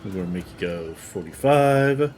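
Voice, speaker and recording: A deep-voiced man streams a role-playing game, narrating each move to himself in a relaxed, lively way at a normal pace. It's let's-play commentary, with the game music playing loudly behind him.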